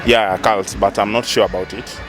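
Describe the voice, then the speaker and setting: A man answers street interview questions in a hesitant, unsure way. His voice is lowish. Clear music plays underneath him. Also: fairly even intonation, normal speed.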